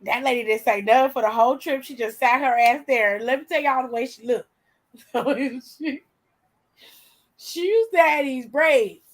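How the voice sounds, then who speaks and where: A woman in her forties, host, telling a story in casual chat, animated and profane, laughing often. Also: high-pitched, normal speed, poor audio.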